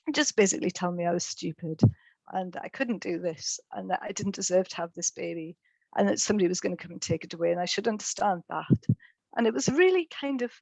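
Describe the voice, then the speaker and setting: A middle-aged woman giving a personal testimony in a webinar, speaking in a halting way with frequent ums and repeated words. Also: mid-range voice, vocal fry, no room sound, poor audio. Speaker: speaker sharing lived experience in a webinar.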